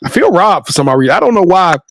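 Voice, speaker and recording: A man hosting a sports talk show, hyping his guest up and closing the episode with emphatic, shouted praise. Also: sits high, big pitch swings, quick pace, no echo. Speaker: podcast host. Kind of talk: energetic sports show sign-off.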